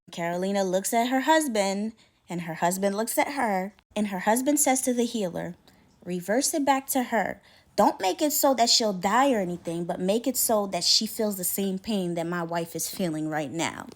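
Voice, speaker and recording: A woman telling a scary story in a casual, chatty way, acting out the characters' lines with her voice. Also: mid-range voice. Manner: chatty, acts out dialogue with her voice.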